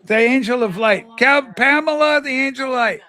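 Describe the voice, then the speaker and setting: A man's voice: extremely high pitch, normal speed, sharp tone. A man hosting a livestream in a campy, rambling chat, telling stories in a flamboyant persona. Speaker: livestream host. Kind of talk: casual chat.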